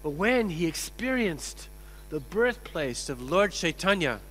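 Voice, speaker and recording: A man giving a sermon as a swami, telling stories in an animated way and acting out the quotes. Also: a little high, unhurried. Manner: animated, acts out quotes, laughs. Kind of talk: sermon with storytelling. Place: temple hall. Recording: echoey hall with mains hum.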